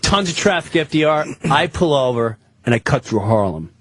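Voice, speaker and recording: A man's voice: a little high, moderate pace, slight background noise. A man telling a comic story as a radio show guest, acting out the people in it. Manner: animated, acts out the people in his story. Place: radio studio.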